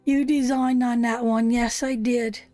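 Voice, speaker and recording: Giving an emotional live tarot reading, a woman from Canada addresses her viewers in a heartfelt way. She speaks unhurriedly in a fairly high voice with little pitch movement and a dark tone, while faint music plays behind her.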